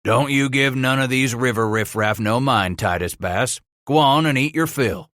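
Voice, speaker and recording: A man voicing a generous, bearded flatboat pilot who speaks in a hearty, reassuring way. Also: mid-range voice, normal speed, dry recording, studio quality, voice pushed up, close to an everyday voice. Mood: kindly.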